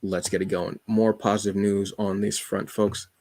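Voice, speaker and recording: A man's voice: fairly low pitch, little pitch movement, moderate pace, a little mellow. A man hosting a solo comics show, rambling enthusiastically with many fillers. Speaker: podcast host reviewing comics. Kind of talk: casual solo chat.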